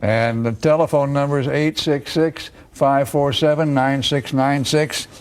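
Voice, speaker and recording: A man's voice: mid-range voice, a little slow. Older male talk show host, easy prompts. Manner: relaxed, encouraging prompts. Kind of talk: casual interview.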